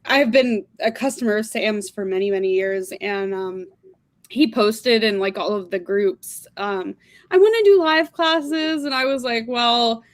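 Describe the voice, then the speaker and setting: A woman's voice: medium pitch, normal speed. A woman chatting on a video call, telling a story in a chatty, giggly way. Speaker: guest. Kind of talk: casual video chat.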